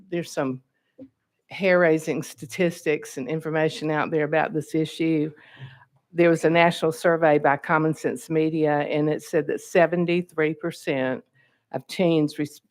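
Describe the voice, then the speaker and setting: A legislator with a Southern accent presents a bill at a committee hearing in a formal, earnest way, often pausing on fillers and restarting phrases, speaking into a podium microphone in a hearing room. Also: mid-range voice.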